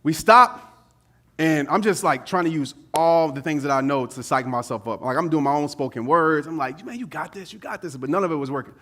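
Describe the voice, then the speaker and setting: A man giving a motivational speech to a live audience, telling a personal story in an animated, casual way with slang. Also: fairly high pitch, fairly quick. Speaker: motivational speaker.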